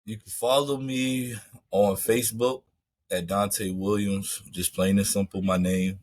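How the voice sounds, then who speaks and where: A comedian guest with a lower-pitched, darkish voice talks loosely about his comedy career in a casual interview. He's laid-back and unhurried, with fairly even intonation, rambling along and padding his lines with "man" and "you know." The recording is close and dry, with no room sound.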